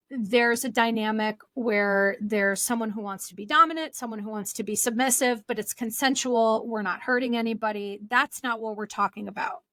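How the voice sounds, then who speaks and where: A woman's voice: a little high, a bit bright, no room sound. A woman hosting her own podcast as a therapist, explaining things in a casual, chatty way with fillers. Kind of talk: solo podcast talk.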